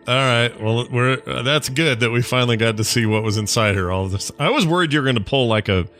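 A man's voice: medium pitch, fairly quick, a bit bright, faint music behind. A man playing in a tabletop game, reacting and joking casually. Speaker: player.

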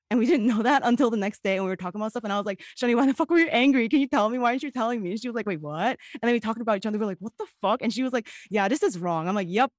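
A woman's voice: medium pitch, a little mellow, dry recording, clean studio sound. A woman co-hosting a podcast in casual chat, candid and swearing freely, often laughing as she talks. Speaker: podcast co-host.

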